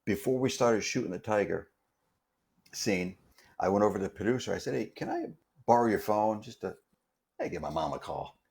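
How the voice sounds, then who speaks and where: A man, a stunt performer appearing as a guest, tells a story in a casual way, often pausing and repeating words as he goes. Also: fairly low pitch, sing-song, vocal fry, a little mellow. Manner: halting, repeats words while recounting. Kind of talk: casual anecdote telling.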